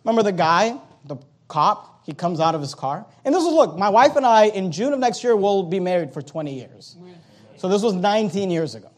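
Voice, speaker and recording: High-voiced man telling a sermon story. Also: a little fast. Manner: animated anecdote with quoted voices. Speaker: pastor.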